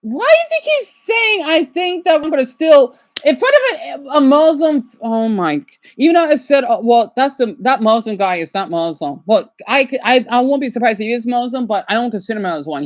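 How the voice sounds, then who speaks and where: A man livestreaming his reactions, rambling and agitated, dropping to quiet mutters and then yelling at someone off to the side. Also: very high-pitched, dry recording. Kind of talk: casual livestream reaction chat.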